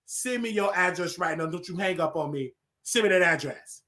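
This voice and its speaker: Brief: male host playing an angry middle-aged wife on a prank call, high and sharp, slangy, relentless. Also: expressive, moderate pace. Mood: furious. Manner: accusing, repeats the same question, street slang.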